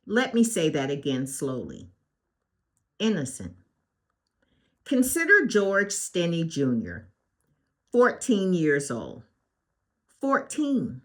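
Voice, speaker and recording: A woman hosting a scripted spoken commentary, talking in emphatic, deliberate, short declarations. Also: on the low side, huge pitch swings. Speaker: host.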